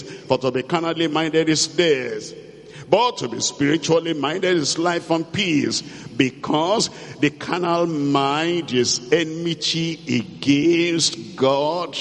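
A man preaching a sermon, slow and emphatic, repeating key phrases and reading scripture aloud. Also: fairly high pitch. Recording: long hall reverb.

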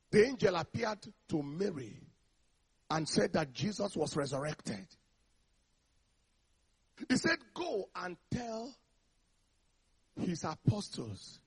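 Preacher, male, high bright husky voice, emphatic call-and-response sermon delivery. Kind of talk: energetic sermon.

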